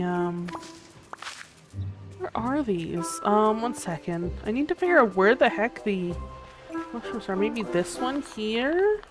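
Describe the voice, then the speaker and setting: A woman streamer chatting casually while she plays a game, meandering and hesitant, often dropping to a soft murmur as she focuses. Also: mid-range voice. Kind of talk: casual gameplay commentary. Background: game music.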